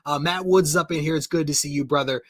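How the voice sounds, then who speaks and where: A man's voice: on the high side, fast talker, dry recording, studio quality. A man hosting a comic collecting live stream, chatting casually, greeting viewers by name and laughing often.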